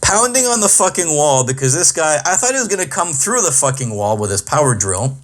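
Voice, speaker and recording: A middle-aged man rants through a comic podcast monologue, swearing freely and sounding exasperated. His voice sits a little above the usual male pitch. He tells the story in a loose, conversational way, full of asides. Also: big pitch swings, brisk, fairly bright tone, a little hiss or hum. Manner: profane, exasperated ranting. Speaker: podcast host and comedian.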